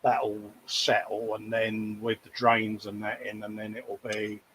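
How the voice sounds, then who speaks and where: A man's voice: lowish voice, monotone, a little slow, fairly bright tone, slight background noise, rough recording. A man chatting casually and jokily while co-hosting a hobby livestream, often mocking himself. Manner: chatty, jokey, self-mocking, breaks into quoted voices. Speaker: co-host of a model-building livestream. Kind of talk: casual chat.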